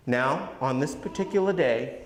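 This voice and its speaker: A man telling a folk tale with dramatic pauses and hushed asides, in an echoey hall. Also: mid-range voice, expressive. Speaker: storyteller. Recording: echoey hall, faint noise.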